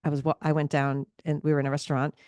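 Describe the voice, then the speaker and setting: A woman with a low voice co-hosts a casual podcast, telling lively stories and breaking into laughter. The sound is dry and close. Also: rapid-fire, no echo. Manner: animated storyteller, laughs often. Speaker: podcast co-host. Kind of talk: casual chat.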